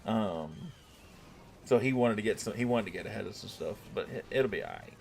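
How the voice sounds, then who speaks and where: A man's voice: lowish voice, animated, fairly quick, creaky, faint music behind. A young man with a Southern US accent, chatting casually with his viewers while streaming a game, joking and laid-back. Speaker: gaming streamer. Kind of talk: casual live-stream chat.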